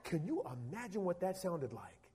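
A male pastor, preaching a lively sermon in a church, calling for amens and acting out voices. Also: high-pitched, normal speed, breathy edge. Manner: animated preaching, calls for amens, acts out quotes.

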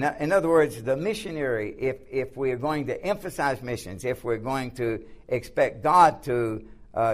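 Man lecturing on missions, "okay?" often. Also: mid-range voice. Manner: repetitive, filler-heavy, restarts often; emphatic, asks "okay?" to check in. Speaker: missions instructor. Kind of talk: classroom lecture with slides.

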